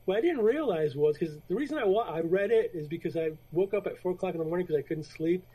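A man's voice: sits high, lively intonation, fast, warm tone, husky, poor audio. A man co-hosting a casual podcast, telling a story in a rambling way with many restarts and acted-out quotes. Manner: rambling, retells stories with quoted voices. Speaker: podcast co-host. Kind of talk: casual chat about comics.

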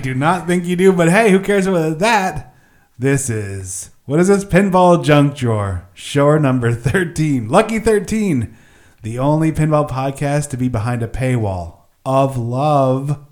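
A man's voice: a little high, expressive, unhurried, a little mellow, faint music behind. A man hosting a casual podcast, rambling and self-mocking, laughing often. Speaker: podcast host. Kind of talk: casual chat.

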